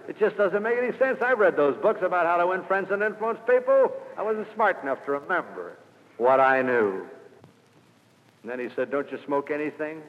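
An older man giving a motivational speech to salespeople, telling an anecdote and building to loud emphatic peaks before dropping quiet again. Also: high voice, a little hiss or hum. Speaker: sales speaker. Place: lecture hall. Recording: old lo-fi recording in a large hall.

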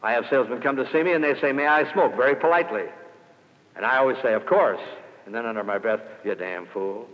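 A man's voice: mid-range voice, lively intonation, quick pace. A middle-aged man giving an anecdotal sales talk to a live audience, hammering home his points with emphatic rhetorical questions. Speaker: sales speaker. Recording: dull old radio recording in a reverberant hall.

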